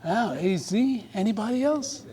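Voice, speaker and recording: A man's voice: high-pitched, expressive, unhurried, warm tone. A man giving a humorous speech at a club meeting, telling a comic story to a live audience. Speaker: club speaker.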